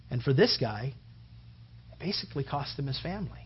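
A pastor preaches a conversational sermon, rambling casually and sprinkling in "you know" and "man." His voice is on the high side, animated and fairly quick. The lo-fi recording sounds dull, with a little hiss or hum.

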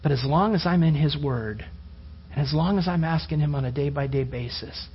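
A man preaching a sermon, telling Bible stories with animated energy and rhetorical questions. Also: a little high, a little fast, slightly rough. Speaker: pastor. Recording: dull lo-fi sermon recording.

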